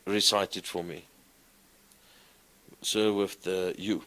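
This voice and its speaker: A man teaching a class, explaining grammar slowly and reciting verb forms in a sing-song way. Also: sits low, fairly even intonation, a bit bright. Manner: slow, deliberate, recites conjugations in a sing-song. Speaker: lecturer. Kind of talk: classroom lecture.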